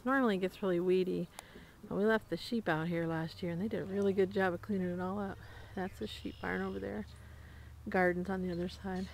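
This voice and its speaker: Her voice sits on the low side, steady in tone with vocal fry, and she talks a little fast. She's outdoors walking through her small farm's barns and animals, giving a loose, rambling homestead tour full of fillers and small laughs. A handheld camera mic catches slight background noise.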